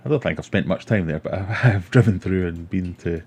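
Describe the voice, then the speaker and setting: A man's voice: low-pitched, brisk, darkish tone, slightly rough. A middle-aged Scottish man hosting a casual livestream, rambling chattily and reading out viewer comments. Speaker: livestream host. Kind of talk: casual live-stream chat.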